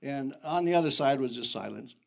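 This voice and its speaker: An older man who is a pastor, giving an animated sermon full of personal stories that jump in pitch. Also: brisk, creaky. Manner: animated storytelling with sudden pitch jumps and chuckles.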